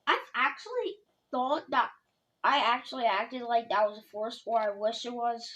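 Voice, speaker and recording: A woman chiming in with her own memories in a relaxed, casual chat. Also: a little high, moderate pace. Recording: slightly dull lo-fi audio.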